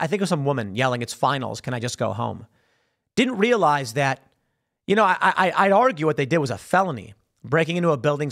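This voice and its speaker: A man delivers political commentary in a quick, animated monologue. His voice sits fairly high for a man. He mocks the people he talks about by mimicking them. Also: vocal fry. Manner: fast animated talk with mocking put-on voices for quoted people.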